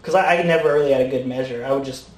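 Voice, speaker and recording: A young man telling fight stories in casual chat, animated, laughing and swearing often. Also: medium pitch, rapid-fire. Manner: animated, laughing storyteller who swears a lot. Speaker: podcast guest, former fighter. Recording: roomy, faint room noise.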